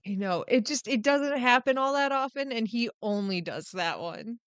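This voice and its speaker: A woman's voice: on the high side, lively intonation, moderate pace, smooth. A woman co-hosting a casual podcast, full of dry sarcasm and self-mocking asides. Her voice sits close to the mic in a dead, dry room with no echo. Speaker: podcast co-host. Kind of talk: casual chat.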